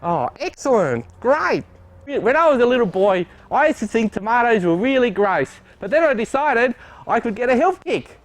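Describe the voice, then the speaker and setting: A man's voice: extremely high pitch, big pitch swings, normal speed. A man, a co-host asking playful, silly questions in tongue-in-cheek banter outdoors at a nursery. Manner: goofy, playful, cracks silly jokes.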